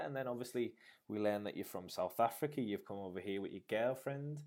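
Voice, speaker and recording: A man's voice: medium pitch, brisk, darkish tone. A man co-hosting an interview, talking eagerly and with enthusiasm. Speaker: co-host. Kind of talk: casual interview chat.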